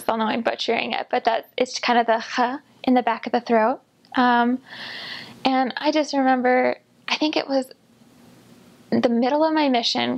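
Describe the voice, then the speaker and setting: A young woman with an American accent talks casually to camera. Her voice sits high and often slips into vocal fry. She tells stories in a chatty, self-deprecating way. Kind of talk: casual storytelling vlog.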